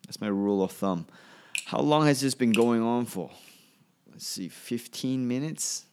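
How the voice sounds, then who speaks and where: A man's voice: medium pitch, animated, a little slow, darkish tone, slight background noise. A male comedian talking alone on his podcast, rambling and offhand, often trailing off and restarting his sentences. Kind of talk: solo podcast monologue.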